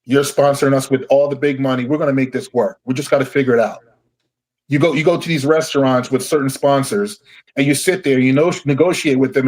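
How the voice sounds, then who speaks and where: A man's voice: medium pitch, darkish tone. A middle-aged man, tired and angry, ranting heatedly with lots of swearing as a podcast guest. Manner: heated, profane, emphatic.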